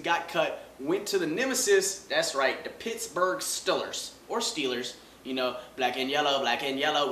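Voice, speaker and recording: A man hosting a comedy show, riffing loudly on sports with mocking asides. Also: fairly high pitch, roomy sound, a little hiss or hum. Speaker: host.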